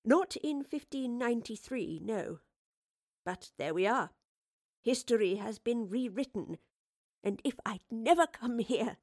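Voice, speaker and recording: A woman's voice: fairly high pitch, expressive, a little mellow, dry recording, studio quality. Woman voicing a troubled scholarly woman. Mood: earnest, troubled. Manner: earnest, reflective, measured. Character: thoughtful, troubled female time-traveling scholar.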